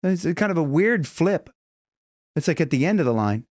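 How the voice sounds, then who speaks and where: A man teaching a casual singing lesson, chatting loosely and breaking into high sung examples and bits of vocal fry. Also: sing-song, normal speed, darkish tone, dry recording, clean studio sound. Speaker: vocal coach.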